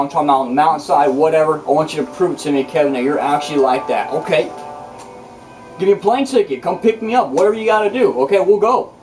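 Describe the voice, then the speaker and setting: Rambly cussing guy bragging on his vlog, kinda high voice, off-mic with loud music behind. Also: recorded from a distance, poor audio. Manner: boastful, profane, rambling with restarts. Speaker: channel host. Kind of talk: rambling casual vlog monologue.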